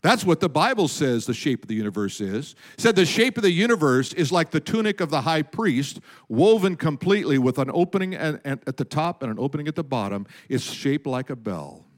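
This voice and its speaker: Animated high-voiced male preacher. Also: fairly quick, hardly any pauses. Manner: animated preaching, dropping to a hush for effect. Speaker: pastor. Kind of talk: sermon.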